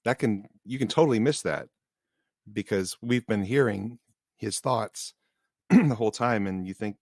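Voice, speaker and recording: A man's voice: on the low side, unhurried, a little mellow, no echo. A man co-hosting a podcast, chatting casually with dry jokes and hesitant restarts. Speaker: podcast co-host. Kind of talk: casual chat.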